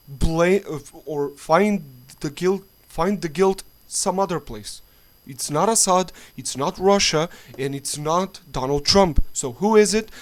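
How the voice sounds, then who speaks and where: Angry profane man ranting slowly. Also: on the high side. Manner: angry, profane, halting with restarts. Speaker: political vlogger. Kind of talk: angry political rant to camera.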